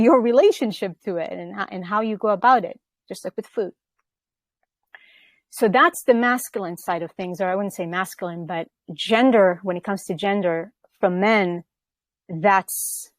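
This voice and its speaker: A woman's voice: lowish voice, no room sound. A woman hosting a spiritual conversation, explaining earnestly and often checking in with "right?" as she talks. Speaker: podcast host.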